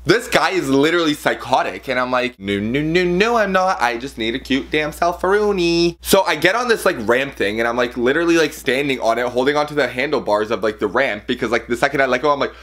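A man vlogging a casual story, gossipy and animated, acting out what people said and peppering his talk with "like". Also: medium pitch, fast talker, few pauses. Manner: animated, gossipy, acts out quotes with filler "like".

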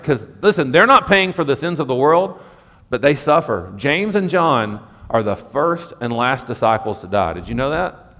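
A man preaching a sermon as pastor, conversational and lively, with asides to the congregation. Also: mid-range voice, normal speed, big-room sound. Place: church sanctuary.

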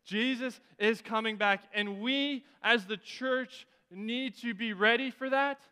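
A man's voice: very high voice, pushed and bright, smooth. A man preaching a sermon in a church, telling a story earnestly and often restarting his phrases. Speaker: pastor. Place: church sanctuary. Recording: reverberant church hall.

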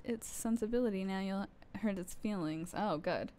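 A woman's voice: medium pitch, normal speed, few pauses, noisy background. A woman streaming a game live, rambling and poking fun at herself while chatting to her viewers, with sudden startled outbursts. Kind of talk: casual live gameplay commentary.

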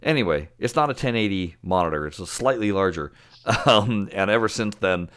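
Low-voiced guy cohosting a podcast, chatty, laughs a lot, um and uh everywhere. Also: animated, moderate pace, fairly bright tone, clear, resonant tone. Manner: chatty, laughs often, trailing fillers. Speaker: podcast co-host. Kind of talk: casual chat.

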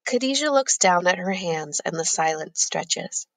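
A woman with a lowish voice reads a first-person novel aloud in a measured, plain manner. The recording is dry and close, with no room sound. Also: animated, gravelly, a bit bright, no room sound. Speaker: audiobook narrator.

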